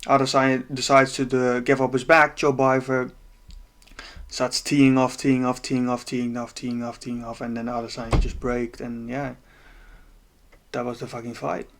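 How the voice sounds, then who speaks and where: A man's voice: medium pitch, level tone, moderate pace, a bit bright. A man breaking down a fight in a casual, profane rant, exasperated and laughing at times. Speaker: MMA commentator.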